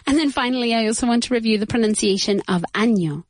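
A woman teaching English pronunciation to beginners, saying each word slowly and repeating it. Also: fairly high pitch, dry recording. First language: Spanish. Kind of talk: bilingual pronunciation lesson for beginners.

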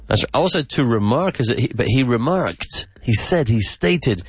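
A man hosting a podcast vocabulary lesson, repeating words slowly and with emphasis. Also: medium pitch, lively intonation, husky, soft background music. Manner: slow, emphatic repetition of words. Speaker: English teacher and podcast host.

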